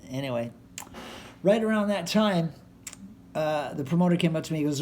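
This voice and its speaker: Male musician, anecdotal storyteller, slightly high voice, faint noise. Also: normal speed. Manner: relaxed anecdotal, with fillers.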